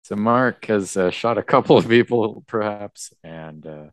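A man co-hosting a comics podcast, recapping the story casually in a rambling, hesitant way. His voice is deep and his pace unhurried. The sound is dry and close. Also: dry recording. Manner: rambling, hesitant, with fillers and restarts. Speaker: podcast co-host.

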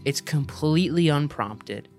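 A man's voice: a little high, unhurried, soft background music. A young man co-hosting a podcast, telling a personal story casually and acting out bits of dialogue. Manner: animated storyteller, acts out dialogue. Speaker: podcast co-host.

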